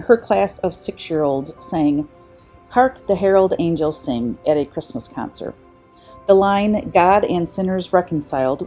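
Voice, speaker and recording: A woman's voice: sits low, dark tone. A woman in her fifties, a vlogger, reading short funny anecdotes aloud in a light, amused way. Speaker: vlogger host. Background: faint background music.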